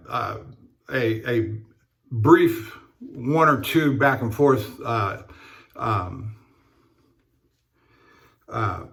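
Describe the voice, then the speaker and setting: A man talking casually while he shaves, in a halting, rambling way with many fillers and restarts. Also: medium pitch, a bit bright. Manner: rambling storyteller. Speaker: straight razor shaving vlogger. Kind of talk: casual talk while shaving.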